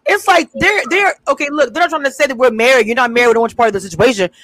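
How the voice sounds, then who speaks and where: A woman's voice: sits high, racing, a bit bright, no echo, poor audio. A woman on a review panel, talking in a blunt, emphatic way and agreeing often with the others. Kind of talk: casual panel discussion.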